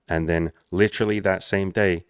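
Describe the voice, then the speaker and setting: A man who works as a social skills coach talks straight to camera, blunt and profane, telling stories in an animated way. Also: sits low, moderate pace, clean tone, no echo, clean studio sound. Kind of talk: direct-to-camera monologue.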